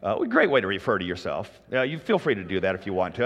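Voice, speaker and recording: A man preaching a sermon in a relaxed, folksy way, joking with the congregation. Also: fairly low pitch, fast talker, in a large hall. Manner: folksy, conversational, jokes with the congregation. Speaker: pastor.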